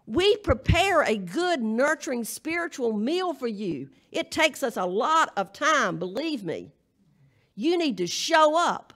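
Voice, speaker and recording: A woman's voice: high voice, big pitch swings, slow pace, a bit bright. A woman minister with a Southern US accent, delivering a humorous, emphatic charge to a congregation at a live church service. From Southern United States. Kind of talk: folksy sermon-style charge.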